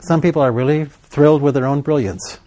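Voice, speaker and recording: A man preaching a sermon, leading his congregation in call-and-response and slowing down for emphasis. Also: fairly high pitch, mellow. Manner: call-and-response, prompting the congregation to fill in words; emphatic, with slow deliberate stretches.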